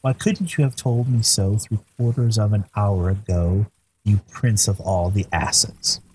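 A man's voice: lowish voice, measured pace, a little mellow, slight background noise, lightly acted, low-quality recording. A man voicing a testy male ghost who scolds and mocks in a brusque manner. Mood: scolding.

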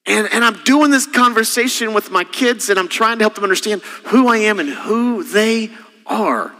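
A middle-aged man preaching a sermon as senior pastor, impassioned, with sudden soft drops. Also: high voice, moderate pace, long reverb tail.

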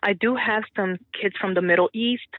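A woman's voice: medium pitch, moderate pace, no echo. A woman from the Dominican Republic, a teacher, talking in an interview over the phone, chatty and laughing often. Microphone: telephone. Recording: tinny phone line.

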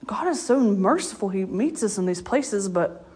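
A woman's voice: mid-range voice, animated, normal speed, darkish tone, husky. A woman preaching a casual, story-filled sermon. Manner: conversational storytelling, laughs often. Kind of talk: informal sermon.

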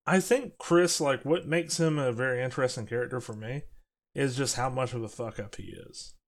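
A man's voice: mid-range voice, normal speed. A man co-hosting a casual movie podcast, talking things through in a thoughtful way and steering the conversation. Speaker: podcast co-host.

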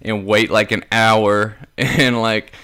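A young man co-hosting a podcast in casual chat, telling animated stories and acting out the people he quotes in a raised voice. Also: lowish voice, takes it slowly. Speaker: podcast co-host.

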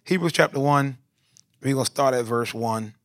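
Pastor preaching in a dry sound. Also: male voice, mid-range voice, moderate pace, fairly bright tone, no echo. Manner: rising to emphatic bursts, reverent. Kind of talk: sermon and prayer.

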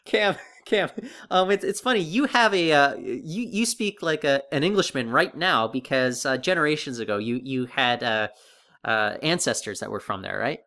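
A man's voice: mid-range voice, animated, normal speed, sharp tone. A man co-hosting a casual podcast discussion, talking with many fillers and restarts. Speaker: podcast co-host.

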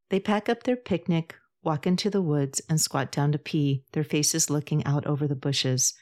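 Low-voiced woman narrating a story. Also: normal speed, hardly any pauses, darkish tone. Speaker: author and podcast host.

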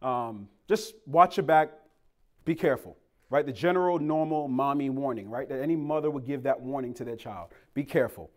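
A man's voice: mid-range voice, quick pace. A young man from Boston preaching, telling a humorous story and acting out the people in it. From Boston, Massachusetts. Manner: animated, playful, acts out quoted voices. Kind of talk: storytelling sermon.

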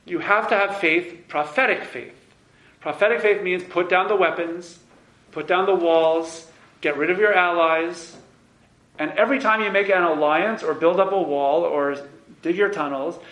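A male teacher leading a text-study lesson, emphatic and animated, in a fairly high voice. The classroom rings with echo around him. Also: moderate pace. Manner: animated and emphatic, reads quotes aloud.

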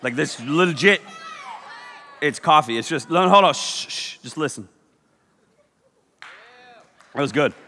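Lively young preacher joking in a hall. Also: male voice, a little high, unhurried, pauses often. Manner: joking, animated, teasing the crowd. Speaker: youth pastor. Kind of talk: comedic sermon. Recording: long hall reverb.

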